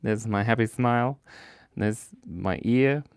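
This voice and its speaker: A man's voice: fairly low pitch, takes it slowly, smooth, dry recording, clean studio sound. A man hosting a live drawing stream, chatting casually with viewers, reading their comments and joking at his own expense while laughing often. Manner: playful, joking and self-mocking. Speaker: livestream host drawing for viewers.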